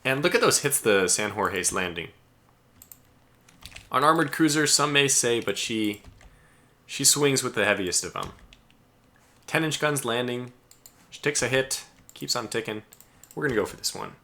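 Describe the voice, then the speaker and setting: Excitable male streamer with a bright voice. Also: medium pitch, normal speed, long pauses. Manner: excitable, chatty, talks to his ships aloud. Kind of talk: live gameplay commentary.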